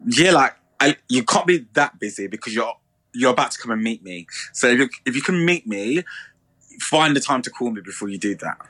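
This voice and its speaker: A man, co-hosting a podcast in a chatty, animated way. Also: medium pitch, a little fast, no room sound. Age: 30s. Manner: chatty, animated, playful mimicry. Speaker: podcast co-host. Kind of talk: casual chat.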